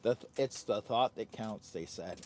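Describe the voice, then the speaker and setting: A man's voice: lowish voice, a little slow, darkish tone, a little hiss or hum. A man hosting a casual live stream from a camping trip, rambling and joking with his viewers and his dog. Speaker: livestreaming camper and channel host. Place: tent at a campsite.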